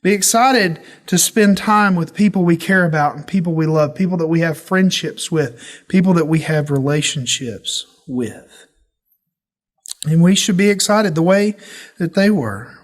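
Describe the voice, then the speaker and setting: A man leads a church Bible study as its pastor. His voice sits high for a man, and he teaches in a folksy, animated way, full of homey stories. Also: a little slow.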